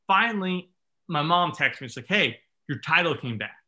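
Man, casual storyteller, lively quoted voices, bright and forceful tone. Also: a little high, moderate pace. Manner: animated, self-mocking storyteller acting out quotes.

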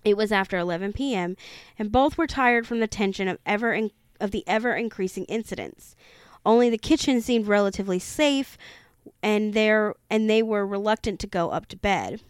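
Smooth-voiced woman reading a horror book. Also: mid-range voice, moderate pace, no echo, studio quality. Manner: steady storytelling with occasional stumbles and self-corrections. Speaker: reader of a true-haunting book.

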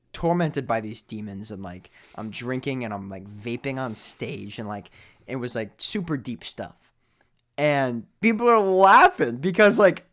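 Rambling young man on a podcast. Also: fairly high pitch. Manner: rambling, filler-heavy storytelling with big swings in loudness. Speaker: podcast co-host. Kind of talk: casual chat.

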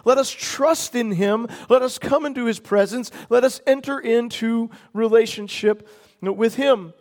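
A man preaching a sermon as pastor, earnest, stretching key words slowly for emphasis. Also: very high-pitched, a little mellow. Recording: long hall reverb.

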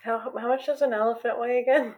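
A woman co-hosting a podcast in casual chat, bubbly and animated, often laughing. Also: on the high side, fast, lo-fi sound. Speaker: podcast co-host.

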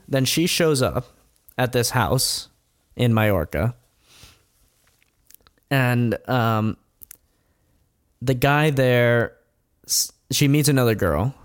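A man's voice: medium pitch, clear, resonant tone, dry recording. Rambly guy host telling a story, chuckles a lot, swears, dead dry close sound. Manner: rambling, chuckling, profane asides. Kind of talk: casual storytelling chat.

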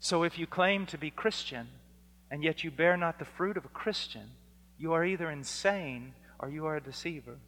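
A man preaching a sermon, slow and deliberate, swinging between loud emphasis and hushed, quiet lines. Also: fairly high pitch. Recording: hall reverb.

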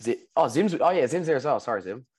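A young man with an Australian accent, hosting a podcast in casual chat and teasing his friends with quick questions. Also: medium pitch, animated, darkish tone, breathy edge, low-quality recording. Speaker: podcast host.

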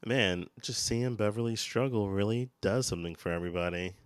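A man's voice: fairly low pitch, a little fast, clean tone, no room sound. A man co-hosting a podcast, chatting casually about a TV episode, often hesitating and trailing off. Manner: hesitant, trails off, fillers and restarts. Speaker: podcast co-host. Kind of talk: casual TV episode recap chat.

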